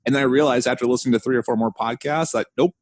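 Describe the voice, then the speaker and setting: A man hosting a casual podcast chat, telling stories with animated jumps in his voice. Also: very fast, dry recording. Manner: animated storyteller, mimics voices with big pitch jumps. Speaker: podcast host.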